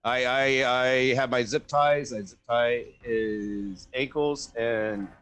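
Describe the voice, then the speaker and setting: A man's voice: medium pitch, takes it slowly, fairly bright tone. A man playing a tabletop role-playing game, casual and hesitant, repeating words as he decides. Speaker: player.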